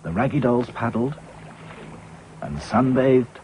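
A man narrating a children's story in a lively, expressive way. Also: mid-range voice, slow. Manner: lively, voices every character himself. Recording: slightly dull with faint hiss.

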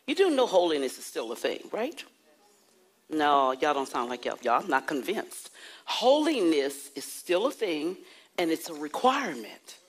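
Husky-voiced woman preaching a sermon. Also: sits low, rough recording. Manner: call-and-response preaching, dramatic slowed emphasis, acts out anecdotes. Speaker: prophetess preaching.

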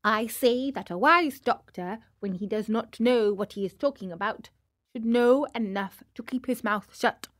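A woman voicing a stern, wise talking cricket in a storybook reading, scolding in a slow voice. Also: on the high side, natural voice.

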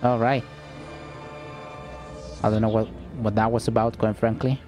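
Mellow-voiced man casually commenting on gameplay. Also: fairly low pitch, level tone, moderate pace, long pauses, soft background music. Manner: casual, swearing, joking. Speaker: let's play host.

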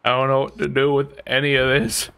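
A man's voice: medium pitch, level tone, brisk, sharp tone, clear, resonant tone. A man streaming a game live, swearing freely as he plays and reading the game's text aloud. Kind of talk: live gameplay commentary.

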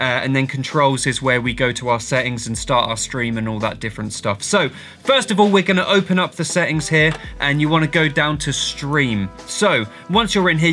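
A man's voice: on the high side, bright, forceful tone. A man hosting a casual tech tutorial, upbeat and chatty, with slangy asides. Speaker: music streaming tutorial host.

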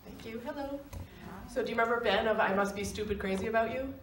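A middle-aged woman tells a personal story live on stage, lively and quick to laugh. Her voice sits at an ordinary pitch. It carries a roomy echo and is picked up from some distance, with faint background noise. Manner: animated, laughs often, acts out quoted voices. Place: stage in an arts center.

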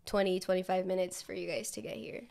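A woman's voice: lowish voice, quick pace, creaky. Casual woman podcast co-host. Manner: relaxed storytelling, filler-heavy, quotes herself. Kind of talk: casual chat.

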